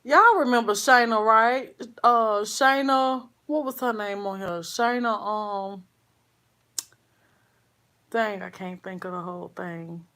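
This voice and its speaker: Slow, sighing woman vlogger. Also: mid-range voice. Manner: slow, sighing, halting, speaks to viewers as y'all; soft, grieving, subdued. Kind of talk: casual livestream chat with viewers.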